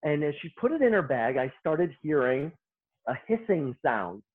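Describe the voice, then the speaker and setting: A middle-aged man, a hairstylist guest, telling lively anecdotes in casual podcast chat and acting out the lines people said. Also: fairly high pitch, normal speed. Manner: lively anecdote-teller who acts out quoted lines. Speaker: hairstylist and beauty-industry guest. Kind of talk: casual storytelling in a podcast interview. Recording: tinny phone-line audio.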